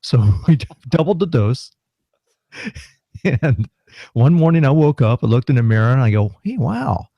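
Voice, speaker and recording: A middle-aged man from South Florida, co-hosting a podcast, laughs through animated, casual anecdotes in a mid-range voice. The sound has no echo and is described as clean studio audio, yet also muffled and lo-fi.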